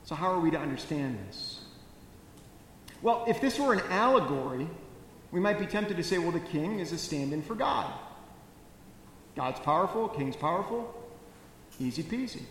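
A man preaching a sermon as pastor, telling the story with animated, wry comic asides. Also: fairly high pitch, normal speed, long pauses. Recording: echoey church hall with faint noise.

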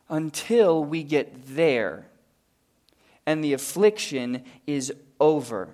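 A man, a pastor and father, preaching a sermon at a live church service. He tells stories, rising to loud, emphatic peaks and dropping to hushed, quiet passages before leading a prayer. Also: a little high, expressive, takes it slowly. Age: adult, father of a young daughter.

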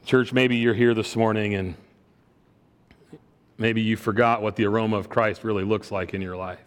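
A man's voice: on the low side, steady tone, moderate pace. A middle-aged man preaching a sermon and telling a personal story in an earnest way, often repeating words as he starts a phrase. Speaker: pastor. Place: church sanctuary. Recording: long hall reverb.

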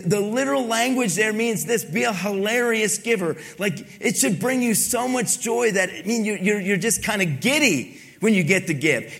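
High-voiced preaching pastor. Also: male voice, creaky, fairly bright tone. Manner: conversational preaching, teasing congregation, repeats key lines. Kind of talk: sermon.

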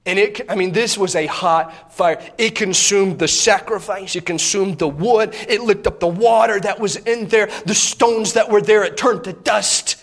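High-voiced man preaching an animated sermon. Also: normal speed, few pauses. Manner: animated storytelling, acts out biblical characters.

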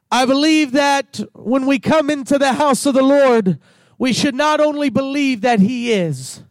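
A man pastor preaching a sermon, swelling into shouts and sprinkling "uh" between phrases. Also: very high voice, dry recording.

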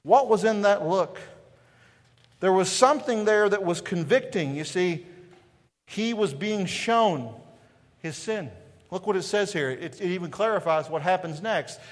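A pastor with a high-sitting voice preaches a little slowly, his words carrying the big-room sound of the church sanctuary. He's a man from East Tennessee with a Southern Appalachian accent, and his conversational sermon often turns to rhetorical questions and "right?"

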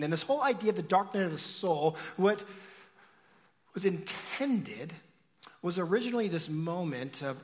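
A male pastor preaching a sermon, telling stories with big swings from loud shouts to hushed whispers. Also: fairly high pitch. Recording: long hall reverb.

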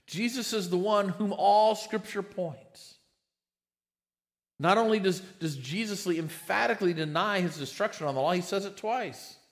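Male pastor, slightly higher voice, emphatic sermon delivery with stumbling restarts. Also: normal speed. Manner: emphatic, repeats words when starting phrases.

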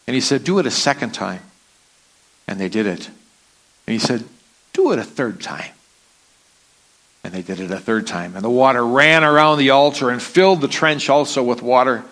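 A man's voice: mid-range voice, lively intonation, moderate pace, pauses often, fairly bright tone. A man preaching a sermon, reading scripture aloud with dramatic rises and falls.

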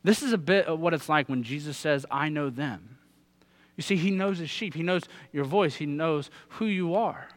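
A man's voice: fairly high pitch, moderate pace. A man in his thirties preaching a sermon, earnest and putting direct questions to his listeners. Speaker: pastor.

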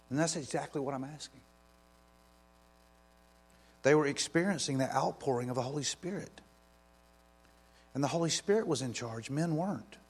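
Male pastor, mid-pitched voice, fervent sermon delivery with sudden emphatic questions and hushed prayerful asides. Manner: impassioned, rising to emphatic questions; drops soft when praying aloud.

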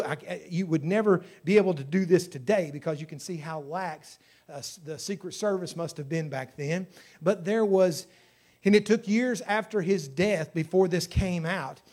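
A man's voice: on the high side, a little mellow. A man preaching a sermon, emphatic, with surges in volume on key phrases as he tells stories. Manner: storytelling preacher.

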